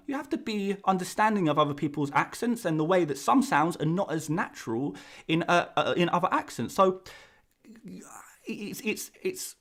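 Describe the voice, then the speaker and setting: An English man chats to his viewers on a live stream in a loose, rambling way. His voice is animated and swings widely in pitch, jumping high when he gets worked up. The delivery is casual and unscripted, full of restarts. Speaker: fantasy football streamer.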